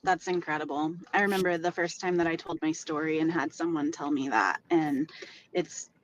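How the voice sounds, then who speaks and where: A woman's voice: deep voice, steady tone, moderate pace, slight background noise, rough recording. A woman hosting a podcast interview, affirming and enthusiastic as she responds to her guest. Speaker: podcast host. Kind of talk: casual interview chat.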